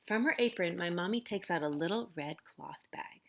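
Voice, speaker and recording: A woman's voice: lowish voice, normal speed, few pauses. A woman teacher reading a picture book aloud, narrating expressively. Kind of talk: storybook read-aloud.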